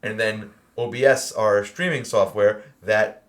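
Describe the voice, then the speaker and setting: A man with an American accent hosting a podcast, chatting casually with lots of fillers and bursts of excited laughter. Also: on the low side, measured pace. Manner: animated, laughing storyteller, many fillers. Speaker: podcast host. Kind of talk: casual chat.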